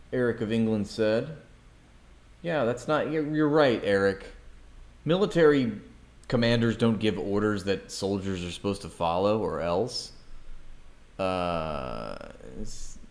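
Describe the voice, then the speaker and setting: A man's voice: on the low side, a little mellow. A man reading news articles aloud on a livestream, breaking off with sarcastic, mocking asides to his chat.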